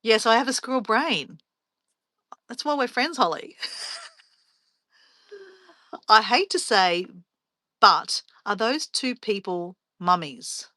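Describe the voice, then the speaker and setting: Bright, chatty woman live streaming. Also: fairly high pitch, animated, takes it slowly, long pauses, no room sound. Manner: chatty, rambling storyteller, laughs often. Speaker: travel vlogger hosting a live stream. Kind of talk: casual live stream chat.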